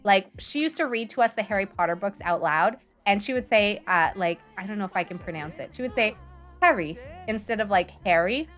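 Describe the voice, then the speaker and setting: Woman livestreaming a game, chatty and rambling, bright forceful voice, faint music under her. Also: medium pitch, animated, a little fast, few pauses. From Canada. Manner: chatty and rambling, answering viewer chat. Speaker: live streamer. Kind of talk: casual chat while livestreaming a game.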